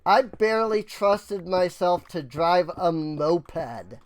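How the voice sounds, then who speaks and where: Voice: medium pitch, expressive, slow pace. An American gaming streamer rambling through casual, ranting commentary, self-mocking and full of mild swears. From United States.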